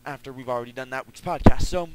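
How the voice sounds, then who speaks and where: A man's voice: medium pitch, fast. Dry-joking podcast man, noisy recording. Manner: dry, joking, gives instructions to listeners. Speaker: podcast co-host. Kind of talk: casual podcast chat. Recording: loud background noise and clicks.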